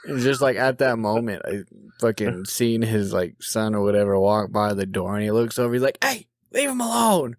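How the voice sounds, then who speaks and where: A man's voice: on the low side, fairly even intonation, a little fast, darkish tone, no echo, studio quality. Crude storytelling podcast guy. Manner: crude, rambling storyteller with heavy swearing. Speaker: podcast co-host. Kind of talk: casual podcast chat.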